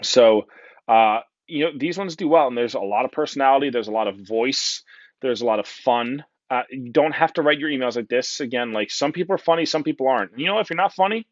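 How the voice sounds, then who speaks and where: A man's voice: medium pitch, animated, a little fast, dry recording, muffled recording. A man with a New Jersey accent giving a casual, joking conference talk full of fillers. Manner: chatty, joking, many fillers and "right?". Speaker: conference speaker.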